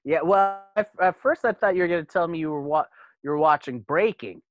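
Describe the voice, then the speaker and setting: A man's voice: fairly high pitch, fairly quick, dry recording, highs cut off, soft background music. A man guesting on a casual podcast chat, laid-back and teasing, slightly buzzed from beer. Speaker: guest, comic book writer.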